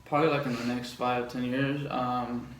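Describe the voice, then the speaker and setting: A man's voice: mid-range voice, flat delivery, normal speed. A young man in a casual podcast chat who talks hesitantly, leaning on ums and uhs. His voice sits in an echoey room. A faint hiss runs behind it. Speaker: podcast co-host.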